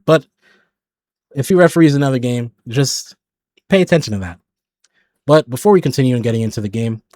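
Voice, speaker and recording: A man hosting his own football channel talks through a match in an animated, opinionated way, now and then sounding exasperated. His voice sits in a middle register. The sound is dry and close, with no room around it. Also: medium pitch, no echo. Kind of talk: casual match recap.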